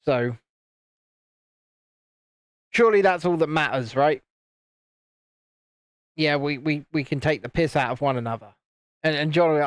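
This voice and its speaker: A man's voice: measured pace, pauses often, a bit bright, dry recording. A man from the UK casually chatting on a live stream while building LEGO, teasing his friends and reading out viewer comments. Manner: mimics friends in higher voices.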